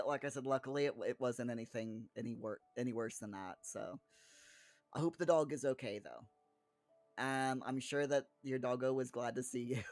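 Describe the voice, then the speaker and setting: A man's voice: mid-range voice, a little mellow, no room sound. A man in casual chat, answering viewers by name in a rambling way with frequent restarts and chuckles. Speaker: streamer reading chat.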